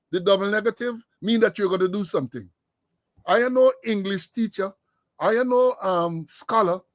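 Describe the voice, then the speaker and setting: A man's voice: high voice, fairly bright tone, no room sound. A man with a Guyanese accent hosting a political commentary stream, sarcastic and lecturing, rambling as he goes. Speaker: host.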